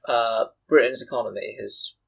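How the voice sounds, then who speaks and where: A young British man co-hosting a casual podcast with friends speaks at normal speed in a mid-range, gravelly, husky voice. Chatty and hesitant, he explains things at length with plenty of ums and uhs, and the recording is low quality.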